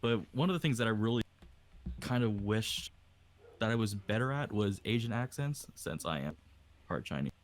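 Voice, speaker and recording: Joking low-voiced young man on a call. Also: expressive, normal speed. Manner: joking, crude, mock ad reads. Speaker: podcast guest voice actor. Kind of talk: casual group chat.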